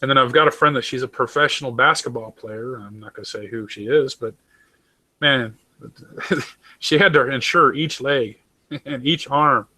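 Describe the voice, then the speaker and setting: A man's voice: medium pitch, moderate pace, pushed and bright, slightly rough, no room sound. A man talking casually and swearing a lot, rambling from story to story. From United States. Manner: rambling, profane, jumps into mocking voices. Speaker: talk show host. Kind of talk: casual chat.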